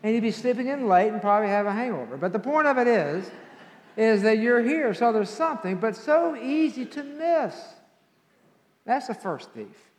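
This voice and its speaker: A male pastor preaching a sermon and telling stories, building to loud emphasis at times. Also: very high-pitched, expressive, normal speed. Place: church sanctuary. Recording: echoey church hall with long reverb.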